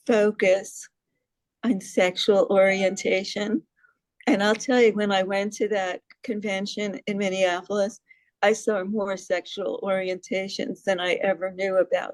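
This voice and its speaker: A woman's voice: mid-range voice, a little mellow, no room sound, poor audio. A woman from New York City leads a casual presentation. She talks in a chatty way and keeps asking her listeners questions. Her voice sounds dry and close. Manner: chatty, asks the audience questions, laughs at herself. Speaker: presenter on hearing loss advocacy.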